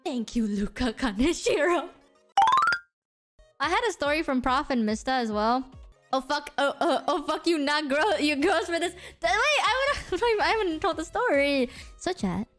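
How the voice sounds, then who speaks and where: Lively high-voiced woman streamer. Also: normal speed, soft background music. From Indonesia. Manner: animated, swears freely, breaks into laughter. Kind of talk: casual storytelling to chat.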